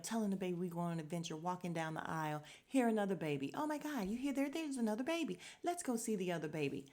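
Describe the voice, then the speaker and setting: A young woman hosting a casual podcast recap, animated and swearing freely, acting out scenes in quick little voices. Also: lowish voice. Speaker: podcast host.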